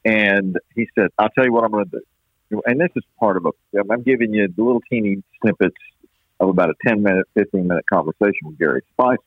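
A man from East Texas, a baseball play-by-play announcer, telling stories in a folksy, unhurried way with many restarts, heard over a phone line. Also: fairly low pitch, no room sound. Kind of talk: storytelling interview chat. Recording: dry tinny phone-line sound.

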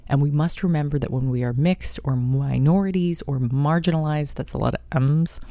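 A woman's voice: deep voice, moderate pace, warm tone, no echo. Gushing, chatty woman podcast host. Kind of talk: casual monologue.

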